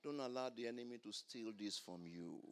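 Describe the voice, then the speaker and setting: A man preaching a sermon, asking the congregation to finish his lines and swinging between quiet explanation and loud exclamations. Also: medium pitch, a little fast. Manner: call-and-response preaching, rising to loud exclamations. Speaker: pastor.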